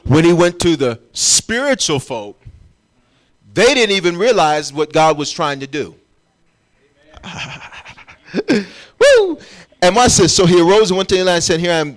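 A man's voice: on the high side, animated, moderate pace. A man preaching a sermon as pastor, emphatic and urging his congregation along as he explains scripture. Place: church.

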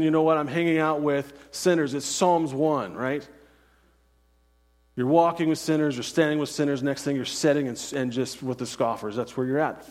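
A man's voice: on the high side, long reverb tail. A man preaching a sermon as pastor, earnest and insistent, often asking "right?" and repeating phrases.

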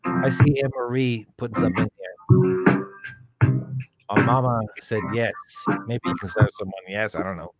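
A man's voice: fairly low pitch, normal speed, long pauses. A man taking turns at casual freestyle rapping, hesitant and chatty between bars. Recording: loud music over voice. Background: loud music beat.

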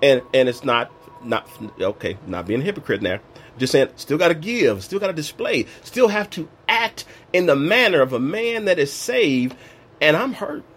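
A man's voice: on the high side, a bit bright, slightly rough. A man giving an emotional personal faith testimony, questioning and acting out bits of dialogue, his voice a little strained. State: voice strained, recently lost.

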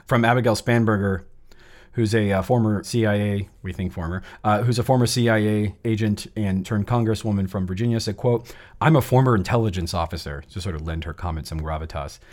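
A man co-hosting a political podcast, reading out quotes in a brisk, sardonic way. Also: on the low side, a little mellow. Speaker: podcast co-host. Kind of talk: political commentary chat.

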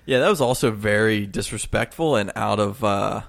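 A man's voice: on the low side, moderate pace, creaky. A man chatting casually with friends, telling a story with lots of laughter, swearing and quoted voices. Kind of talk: casual chat among friends.

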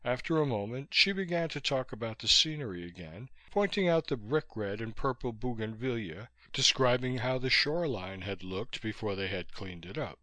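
A man narrating a novel in steady, scripted storytelling. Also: medium pitch, moderate pace, few pauses, dry recording. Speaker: audiobook narrator.

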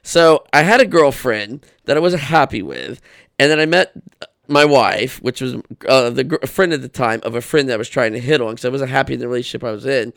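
A man talking as a guest on a casual podcast, telling animated stories and swearing freely. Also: medium pitch, a little fast, gravelly, no room sound, studio quality.

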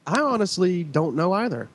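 A man co-hosting a casual podcast chat, talking in a jokey, relaxed way. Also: high voice, a little slow, husky. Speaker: podcast co-host.

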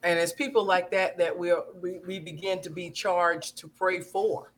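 A man's voice: high-pitched, little pitch movement, normal speed, a bit bright, slight background noise. A man hosting a talk show who talks fervently about faith and repeats phrases for emphasis. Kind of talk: preachy talk show chat.

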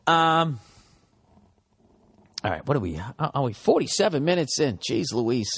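A man's voice: medium pitch, sing-song, unhurried, pauses often, fairly bright tone, breathy edge, in a large hall. A man hosting a solo podcast, telling stories in a profane, self-mocking ramble. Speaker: podcast host.

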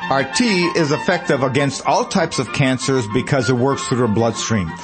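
Hosting a promotional radio talk show at normal speed, this man speaks in a mid-range voice over background music. His customer stories come out conversationally, peppered with frequent fillers.

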